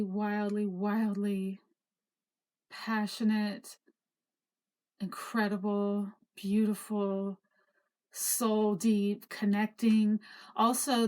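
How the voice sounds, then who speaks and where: A middle-aged woman casually recounting her own life story, rambling with fillers and restarts. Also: mid-range voice. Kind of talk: casual spoken memoir.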